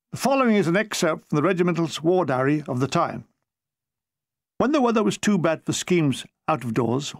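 A man's voice: a little high, gravelly, dry recording. Older man reading a comic memoir. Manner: dry comic delivery, jumping into quick put-on voices. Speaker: author reading his own memoir.

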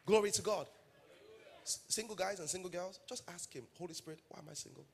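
A man's voice: sits high, fast, creaky, fairly bright tone, slight background noise. A man with a Nigerian English accent preaching a sermon as pastor, telling stories and building to emphatic calls to the congregation.

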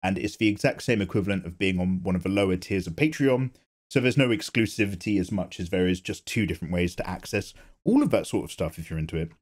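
A man's voice: low-pitched, quick pace, a little mellow. A man hosting his own art channel, reading viewer comments in casual chat while drawing, playful and self-mocking. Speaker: artist and channel host.

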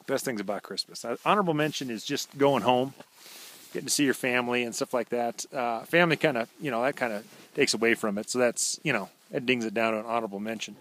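A man hosting a rambling walk-around video diary, talking in a laid-back, slangy, deadpan way with plenty of fillers, recorded outdoors in snowy woods on a handheld camera. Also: mid-range voice. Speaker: vlog host.

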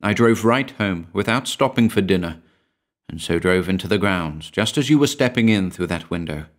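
A man voicing a cold, soft-spoken young woman's ghost who speaks in a hushed tone in a storybook reading. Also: sits low, animated, moderate pace. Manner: hushed, quiet.

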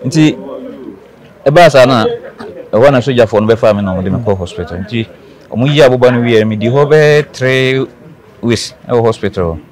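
A man's voice: mid-range voice, moderate pace, pauses often. A man from Ghana, a guest in an interview, earnestly telling his own story and repeating key phrases for emphasis.

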